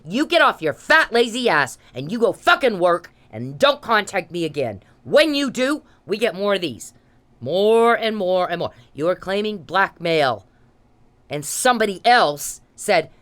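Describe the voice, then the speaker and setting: A woman in her thirties giving an angry, confrontational rant to the camera, swearing and repeating her demands. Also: lowish voice. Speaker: vlogger.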